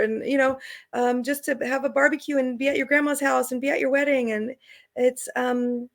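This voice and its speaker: Speaking at a moderate pace in a high voice, this middle-aged woman is an author and traveler sharing stories during a casual interview. Her manner is talkative, with frequent laughter as she performs the voices of those she quotes.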